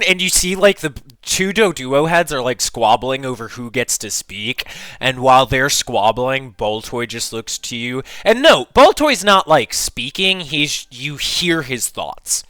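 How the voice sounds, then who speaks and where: A man running a tabletop game as game master, narrating in a lively way with lots of fillers. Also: mid-range voice, a little slow, hardly any pauses, no room sound.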